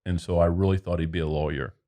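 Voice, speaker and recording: Deep-voiced dad telling fond stories. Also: male voice, steady tone, fast talker, warm tone. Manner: fond storytelling, acting out quotes. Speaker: guest, father of the co-host. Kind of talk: casual chat.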